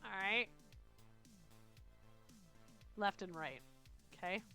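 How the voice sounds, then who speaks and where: A woman with a Canadian accent hosting a screen-recorded software tutorial, chatty and checking in often with "okay?". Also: mid-range voice, expressive, moderate pace, faint music behind. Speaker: tutorial host.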